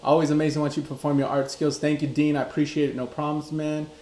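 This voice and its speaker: A man's voice: on the high side, little pitch movement, fast talker, darkish tone, slight background noise. Male host, live chart tutorial, chatty and loose, roomy echo. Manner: reads chat aloud, loose and conversational. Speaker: crypto chart analyst hosting a live class.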